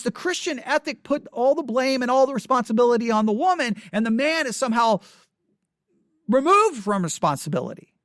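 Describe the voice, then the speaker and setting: A man's voice: very high voice, sing-song, fairly quick, fairly bright tone, no room sound, clean studio sound. A man hosting a casual spoken commentary, emphatic, often restarting his words.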